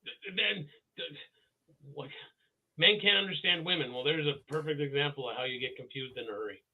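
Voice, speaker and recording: High, gravelly man on a tinny line. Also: a little fast. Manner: animated, acts out quotes, stammers. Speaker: podcast co-host. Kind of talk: casual storytelling chat. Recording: tinny phone-like audio.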